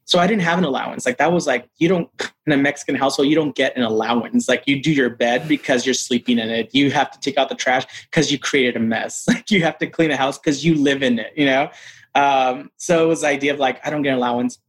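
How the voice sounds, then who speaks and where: A lively man tells personal stories as an interview guest. His voice sits at an ordinary middle pitch. He talks with energy and laughs often. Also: quick pace, husky, low-quality recording. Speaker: actor guest. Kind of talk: casual storytelling interview.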